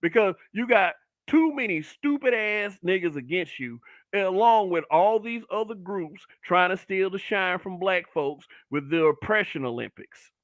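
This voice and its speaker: A middle-aged man hosts his own solo broadcast, ranting bluntly with lots of profanity. His voice sits high and sounds bright and forceful. It is recorded close and dry. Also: lively intonation, measured pace, no room sound. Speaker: online talk show host. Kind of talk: brutally honest solo commentary broadcast.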